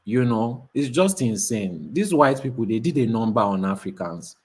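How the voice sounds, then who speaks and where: A man's voice: mid-range voice, lively intonation, normal speed, a little mellow, slightly rough. A man with a Nigerian accent, co-hosting a casual commentary chat in a blunt, scornful, emphatic way. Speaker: co-host.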